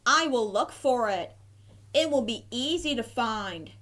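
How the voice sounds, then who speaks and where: Big friendly storybook bird, high and sympathetic, unhurried, read by a woman. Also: lively intonation, fairly bright tone.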